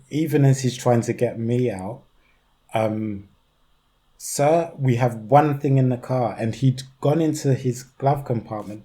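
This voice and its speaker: A young man from East London with a London accent, a podcast guest telling a story in an animated way, laughing often and mimicking the voices of others. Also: medium pitch. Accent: London English. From East London, England. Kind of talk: conversational storytelling.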